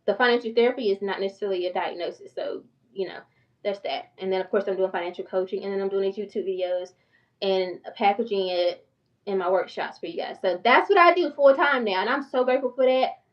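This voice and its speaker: A woman's voice: mid-range voice, fast talker. A middle-aged woman talking casually to her viewers, chatty and candid, laughing often, as a financial coach. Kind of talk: casual talk to camera. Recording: dull lo-fi sound from a distance.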